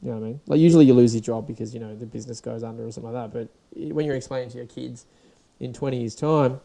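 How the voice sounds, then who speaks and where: Alone at his podcast mic, a young Australian host launches into a loose, casual rant packed with swearing and restarts. His medium-pitched voice is gravelly and dark, fairly even in intonation, rapid-fire, and it sounds sore and dried out today.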